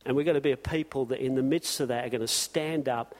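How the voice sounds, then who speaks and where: A man's voice: mid-range voice, fast, few pauses, a little mellow. A man preaching an impassioned sermon to his congregation, firing off rhetorical questions. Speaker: pastor.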